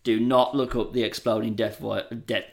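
A young man co-hosting a casual podcast chat, excitable and sweary, laughing often. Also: lowish voice, normal speed, gravelly. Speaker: podcast co-host.

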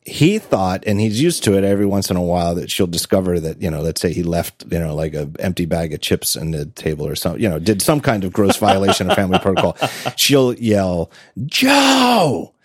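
A man's voice: deep voice, a little fast, hardly any pauses, dry recording, clean studio sound. A man hosting a podcast in casual chat, telling stories with frequent laughs and self-corrections. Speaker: podcast host.

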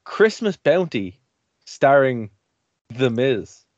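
A man's voice: mid-range voice, big pitch swings, slow, no echo, highs cut off. A man hosting a radio and podcast show, chatting casually, rambling and laughing often. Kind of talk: casual chat.

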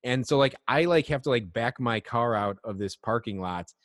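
A man's voice: mid-range voice, lively intonation, normal speed, no room sound, clean studio sound, big-room sound. A man co-hosting a podcast, telling a long, loose, profane story in casual chat. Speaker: podcast co-host.

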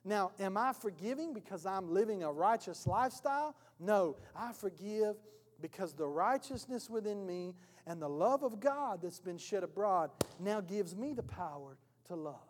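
A male pastor giving a sermon in a church, telling an animated story and acting out its scenes. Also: high-pitched, moderate pace. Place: church hall. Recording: long reverb of a church hall.

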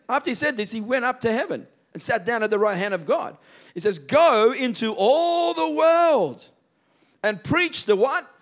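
A man's voice: high voice, fairly bright tone. Emphatic pastor, man. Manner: emphatic, slows to stress key words. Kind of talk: sermon.

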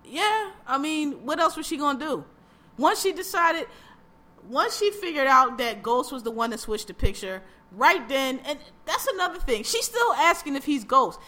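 A woman on a podcast tearing into a TV show in loose, blunt conversation. Her voice sits a bit high and comes across bright and forceful, and she piles up repeated words as she gets worked up. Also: big pitch swings, normal speed. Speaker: podcast co-host. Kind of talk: casual chat reviewing a TV show.

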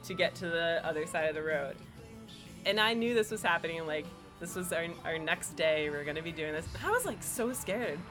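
A woman from New York telling a personal story as an interview guest, animated and full of "like" fillers. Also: lowish voice, fairly quick, music in the background. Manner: animated, filler-heavy with lots of "like". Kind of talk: casual storytelling.

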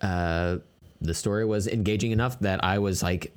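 Male podcast co-host, very low voice, hesitant, dry humor. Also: moderate pace, smooth. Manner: hesitant, filler-heavy, dry jokes. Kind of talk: casual movie review chat.

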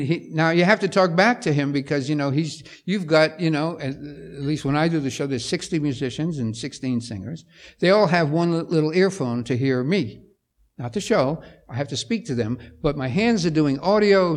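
An older man tells backstage stories to a luncheon crowd, playing out each person's lines as he goes. His voice swings widely in pitch and rests a little higher than most men's. He is animated and theatrical from start to finish. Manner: animated storyteller who acts out quoted voices. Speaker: composer-conductor speaking at a luncheon. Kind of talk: anecdotal talk to an audience.

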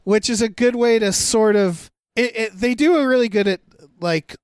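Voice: mid-range voice, moderate pace, clean tone, no echo, studio quality. A podcast co-host in casual chat, summing up a film in a rambling way with many restarts.

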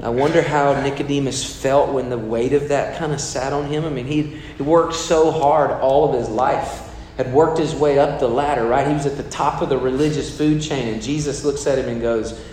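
A man's voice: medium pitch, steady tone, moderate pace, a little mellow. A man preaching a sermon in a conversational way, asking the congregation questions. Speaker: pastor. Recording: echoey hall with long reverb, faint room noise.

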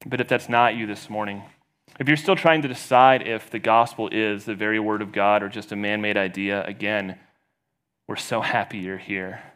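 A man's voice: steady tone, moderate pace, smooth. A man preaching a sermon as pastor, retelling a story and raising his voice for the quoted voices. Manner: storytelling, rising loud and high for quoted voices.

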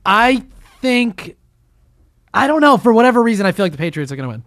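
A man's voice: high-pitched, big pitch swings, a little fast, fairly bright tone, no echo, studio quality. A man hosting a podcast in casual chat, steering the topics and swearing now and then. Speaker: podcast host.

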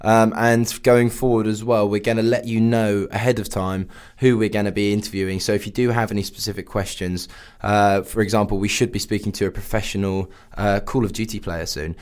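A man's voice: on the low side, steady tone, a little fast, hardly any pauses, smooth. A man hosting a radio show, chatting casually and rambling with lots of fillers.

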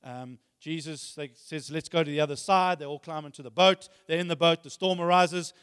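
Under long hall reverb, yet with clean studio sound, a man delivers a sermon in a fairly high, smooth, fairly bright voice at a moderate pace. He retells scripture casually and reads passages aloud with rising force.

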